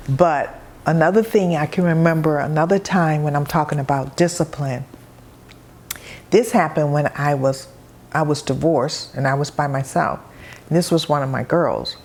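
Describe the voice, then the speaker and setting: A middle-aged woman with a low, easygoing voice talks through her own parenting stories. She speaks casually and conversationally, now and then putting on the voices of the people she quotes. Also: a little mellow. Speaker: host. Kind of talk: personal advice talk.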